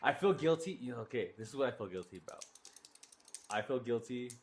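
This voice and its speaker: A man's voice: medium pitch, expressive, brisk, slight background noise. A man co-hosting a casual podcast, rambling with lots of filler words. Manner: rambling with many fillers like "dude". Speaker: podcast co-host. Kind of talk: casual chat.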